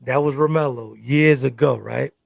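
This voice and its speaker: A man's voice: medium pitch, normal speed, vocal fry, no room sound, studio quality. A man co-hosting a live talk show about relationships, talking emphatically and often repeating "exactly" and "good stuff".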